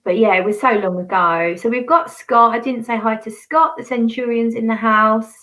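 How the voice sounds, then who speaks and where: A woman's voice: a little high, steady tone, moderate pace, sharp tone, poor audio. A woman hosting a casual fragrance chat on a livestream, laughing often and reading out viewer comments. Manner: chatty and giggly, reads out viewer comments. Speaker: host of a fragrance review channel.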